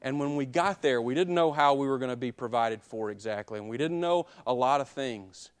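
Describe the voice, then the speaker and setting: A man, preaching a sermon that moves between quiet personal confession and loud, emphatic exhortation. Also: mid-range voice, a little fast, clear, resonant tone. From Alabama. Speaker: pastor.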